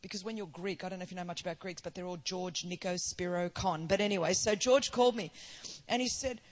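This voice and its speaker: A woman's voice: lowish voice, quick pace. An Australian woman in her forties stands before a church and tells her own story as a sermon. She moves from plain storytelling to ringing, emphatic declarations, with a preacher's sense of rhythm. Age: 40s. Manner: storytelling, rising to emphatic proclamation. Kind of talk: sermon testimony.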